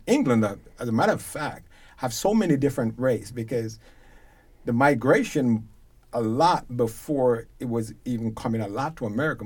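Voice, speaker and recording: A man from Jamaica with a Jamaican accent, a reggae concert promoter telling stories as a guest, lively and emphatic. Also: mid-range voice. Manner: lively storyteller who grows loud and emphatic. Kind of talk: animated storytelling in a conversation.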